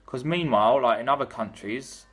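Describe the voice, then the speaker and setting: A man's voice: medium pitch, normal speed, soft background music. A British man gives a loose, offhand account of history in casual talk. He is irreverent and sweary, with plenty of fillers. The tone stays sloppy and comic. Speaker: vlogger explaining history.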